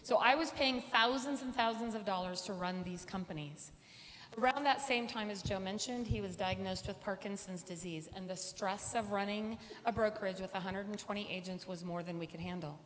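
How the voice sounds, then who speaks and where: A woman's voice: medium pitch, moderate pace. A middle-aged woman speaking on stage at a conference, telling a personal story and acting out the voices of the people in it. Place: large conference hall. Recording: reverberant hall with faint room noise.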